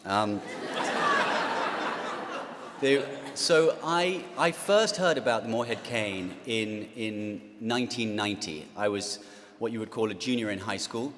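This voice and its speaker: A man's voice: lowish voice, big pitch swings, takes it slowly, fairly bright tone, some chatter behind, slight background noise. A man in his forties with an English accent, giving a self-deprecating speech to an audience, with many fillers and restarts. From England. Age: 40s. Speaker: guest speaker. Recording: long hall reverb.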